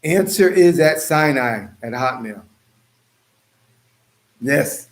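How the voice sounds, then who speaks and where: Brief: male livestream host, slightly high voice, loose and joking, chats to viewers by name. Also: expressive, slow pace. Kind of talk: casual livestream chat.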